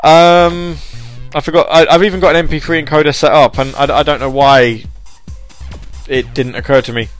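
A man's voice: a little high, level tone, normal speed, soft background music. A man hosting a podcast alone, rambling and self-deprecating, with many fillers and restarts. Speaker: podcast host. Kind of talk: casual solo podcast chat.

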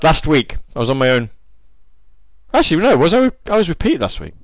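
A man's voice: a little high, very animated, brisk, no echo, low-quality recording. Rambling, jokey British man, dry sound. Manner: rambling, jokey, self-mocking. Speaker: radio show host. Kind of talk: casual radio chat.

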